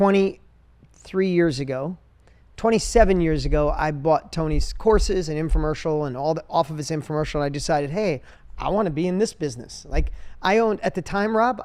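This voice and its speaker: A man in his forties from upstate New York hosting a podcast, telling his own story in an earnest, quick way. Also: fairly high pitch, a little mellow. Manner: earnest, fast personal storytelling. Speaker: podcast host. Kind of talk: conversational interview.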